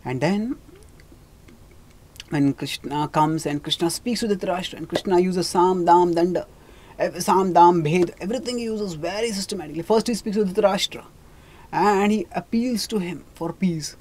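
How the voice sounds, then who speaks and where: A religious teacher retelling scripture in a lecture, speaking haltingly with restarts on names and quoting the characters. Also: mid-range voice, darkish tone.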